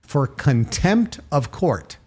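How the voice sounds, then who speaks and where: An older man from Massachusetts, a podcast guest telling animated stories and acting out quoted dialogue with sudden jumps in pitch. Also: slow, husky. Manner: emphatic, acts out quoted dialogue with raised pitch. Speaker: podcast guest, author and marketer. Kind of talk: animated interview storytelling.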